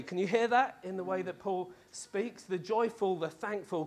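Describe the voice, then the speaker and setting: A man delivers a Sunday sermon in a relaxed, chatty way. His voice sits high for a man, and he jokes and uses plenty of fillers as he goes. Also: normal speed, hardly any pauses. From Wales lived in, not grown up. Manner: jokey, conversational, lots of fillers and laughs. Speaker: preacher. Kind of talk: lively sermon.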